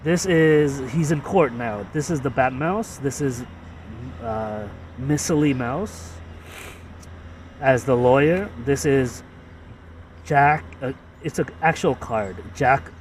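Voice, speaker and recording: Man, slow and rambling, walking through his ads with lots of restarts; mic set back, faint street noise. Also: medium pitch, far from the mic. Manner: halting, repetitive, full of fillers and restarts. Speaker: creator explaining his own ads. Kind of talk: casual rambling explanation.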